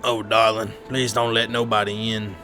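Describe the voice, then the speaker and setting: A man's voice: lowish voice, flat delivery, normal speed, sharp tone, soft background music. Guy doing a southern drawl stranger, folksy and grumbly, keeps saying darling, video game voice. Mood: folksy grumbling. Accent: Southern US, put on. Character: gruff Southern stranger at the door, folksy, scornful of officials.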